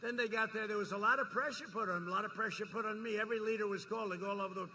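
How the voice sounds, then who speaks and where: A man delivering a campaign rally speech in a high, intensely forceful voice. He talks in a boastful, repetitive way, pushing to rouse the crowd. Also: racing, slight background noise. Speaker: politician speaking at a campaign rally.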